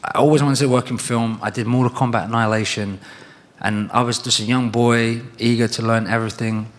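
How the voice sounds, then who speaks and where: A British man in his thirties answering fan questions on stage at a convention, telling long rambling stories and acting out the lines of other people. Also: lowish voice. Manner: rambling anecdotes with acted-out quotes. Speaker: guest at a convention panel. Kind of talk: fan Q&A storytelling. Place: large convention hall with audience. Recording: long reverb of a convention hall.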